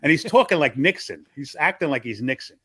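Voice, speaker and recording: A rapid-fire older man from Long Island tells old stories with a comedian's timing, breaking into quick character voices as he goes. His voice sounds close and dry, with no room around it. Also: fairly high pitch, breathy edge, dry recording. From Long Island, New York. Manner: animated, acts out voices of people in his stories. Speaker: comedian guest telling stories. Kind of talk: casual storytelling interview.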